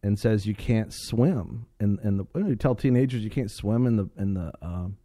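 A man on a talk radio show telling a funny story in a casual, animated way, laughing often and repeating phrases for emphasis. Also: lowish voice, fairly quick, no room sound, studio quality.

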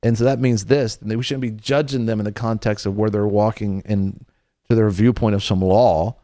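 A man with a fairly low voice preaches in a relaxed, conversational way as the host of a Christian show. He tells stories, quotes scripture and repeats phrases for emphasis, and his voice sounds close and dry with no room echo. He ends by leading a prayer. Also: moderate pace.

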